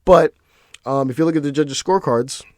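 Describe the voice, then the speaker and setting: A man hosting his own podcast, talking casually in an animated, profane, ranting way. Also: a little high, a little fast, dry recording, studio quality. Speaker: podcast host. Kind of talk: casual solo commentary.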